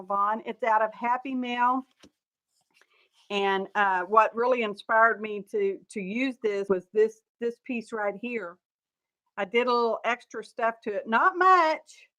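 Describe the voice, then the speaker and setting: A woman's voice: medium pitch, fairly bright tone, low-quality recording. A woman hosting a crafting livestream, chatty and folksy, sounding sleepy and tired while she greets viewers by name. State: sleepy, yawning. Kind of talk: casual livestream chat. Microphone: camera mic.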